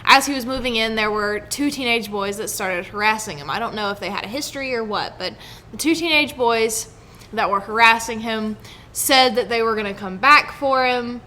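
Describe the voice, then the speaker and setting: A young woman chats casually on a podcast, retelling a news story in a bright, lively tone. Her pitch sits a little high. Laughter keeps breaking into her talk. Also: moderate pace, a little hiss or hum. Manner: chatty, laughs often, storytelling. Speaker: podcast co-host, news segment host.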